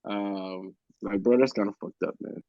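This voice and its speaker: A man's voice: lowish voice, fairly even intonation, moderate pace, no room sound, highs cut off. A man co-hosting a podcast in casual chat, talking bluntly and swearing a lot. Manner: blunt, profane, heated. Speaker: podcast co-host.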